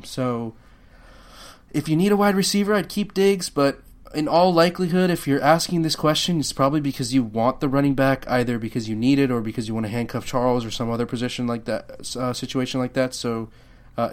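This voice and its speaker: A man's voice: medium pitch, brisk. A man co-hosting a podcast, talking casually with a laid-back, hedging manner. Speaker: podcast co-host. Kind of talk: casual chat.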